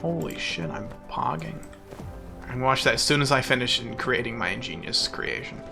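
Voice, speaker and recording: A man's voice: medium pitch, expressive, moderate pace, creaky, over music. A man streaming a game live, chatting playfully with mock-boastful bragging and frequent laughter. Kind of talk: casual live-stream commentary while playing.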